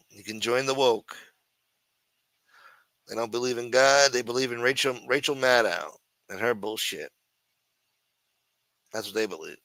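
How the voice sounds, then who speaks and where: A man's voice: mid-range voice, bright, forceful tone, no room sound. A man hosting a casual livestream show, rambling and teasing with plenty of profanity. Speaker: show host.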